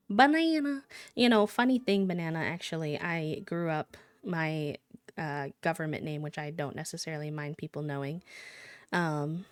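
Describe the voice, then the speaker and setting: A woman's voice: low-pitched, moderate pace, smooth, no echo. A woman live streamer chatting casually and playfully with her viewers, breaking into sing-song countdowns.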